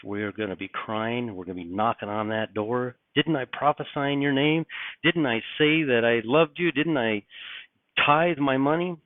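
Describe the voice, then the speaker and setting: A man's voice: on the low side, no room sound. A middle-aged man preaching urgently in a video, earnest and repetitive, warning that the end times are near. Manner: earnest, urgent, repeats phrases. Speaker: religious video host. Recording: tinny phone-like sound.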